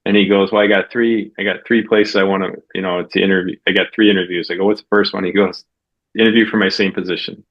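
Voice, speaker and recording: A man hosting an interview podcast, telling a story in casual chat and acting out the quoted lines with big jumps in pitch. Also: level tone, fast, muffled recording. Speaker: podcast host.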